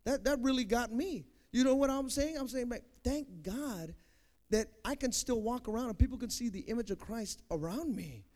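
A young man preaching a sermon as a pastor, swinging from loud emphatic peaks to quiet conversational asides. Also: very high-pitched, lively intonation, normal speed. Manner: preaching, rising to loud emphatic peaks then dropping soft.

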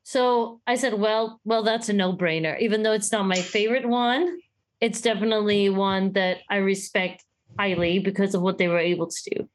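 A woman co-hosting a podcast in casual chat, animated and acting out quoted voices as she talks. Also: medium pitch, moderate pace. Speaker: podcast co-host.

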